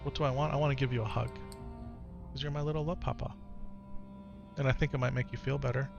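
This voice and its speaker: A man streaming live who talks softly and coaxingly with his young son, then reads and answers his chat in casual talk. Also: medium pitch, steady tone, quick pace, gravelly, dull audio. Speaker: streamer and father. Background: game music.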